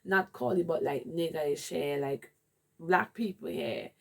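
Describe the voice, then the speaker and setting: A woman's voice: low-pitched, measured pace, creaky. A woman with a Jamaican accent candidly telling a rambling personal story in a vlog. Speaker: vlogger.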